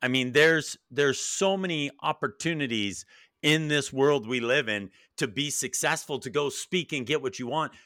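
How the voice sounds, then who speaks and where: A man's voice: medium pitch, moderate pace, bright, forceful tone, no room sound, clean studio sound. A man hosting a casual interview chat, talking with enthusiasm and acting out quoted voices in his stories. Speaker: podcast host.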